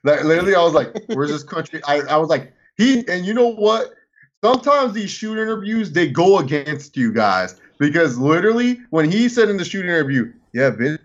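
Rambling, excitable podcast co-host man. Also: on the high side, muffled recording. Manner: excitable, laughs often, fast rambling recaps. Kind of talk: casual wrestling podcast chat.

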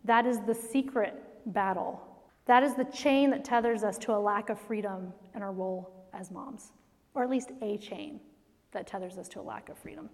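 A middle-aged woman speaking to an audience of mothers in a faith-based talk, telling stories in an animated way and laughing often. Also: medium pitch, normal speed. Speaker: speaker to moms. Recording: long hall reverb.

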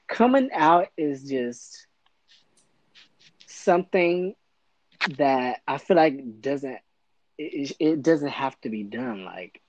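A man's voice: medium pitch, a little mellow, dry recording, poor audio. A young man, a podcast guest, talking in a casual interview and stumbling over his words as he goes. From United States.

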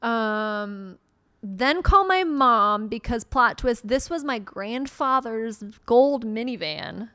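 Young woman, smooth and fairly high voice, lively storyteller, dry studio sound. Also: takes it slowly, dry recording. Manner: animated storyteller, acts out her own reactions. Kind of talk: casual chat.

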